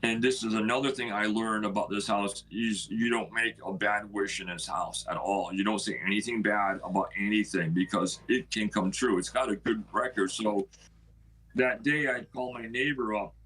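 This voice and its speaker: A man, the owner of the house, telling an emotional personal story in a halting way and acting out what people said to him. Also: fairly low pitch, fairly bright tone, poor audio. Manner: emotional, halting, acts out quoted dialogue.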